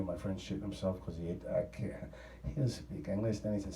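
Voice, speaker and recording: A man's voice: deep voice, fairly even intonation, brisk, dark tone, reverberant, recorded from a distance, slight background noise, poor audio. A man, rambling through a profane travel story in a casual, offhand way. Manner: profane, rambling, laughing at his own story.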